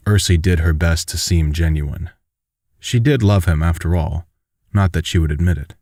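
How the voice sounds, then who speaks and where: A man with a deep, low voice reads a fan-made audiobook steadily and evenly. The sound is close and dry, with no room around it. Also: moderate pace, a little mellow, dry recording. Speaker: audiobook narrator.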